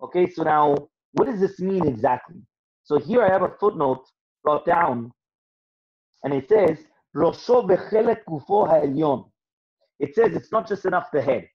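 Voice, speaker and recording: A man's voice: on the high side, big pitch swings, fairly quick, slightly rough. A man, a rabbi, giving a Torah class on Jewish law, quoting Hebrew texts and translating them, and checking in with "right?" as he explains. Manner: explains with rhetorical questions and frequent "right?". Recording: dull lo-fi recording.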